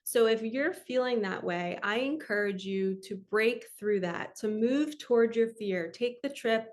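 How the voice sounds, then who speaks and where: A woman's voice: fairly high pitch, measured pace. Heartfelt chatty woman sharing a story. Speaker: spiritual podcast host. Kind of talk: personal storytelling and encouragement.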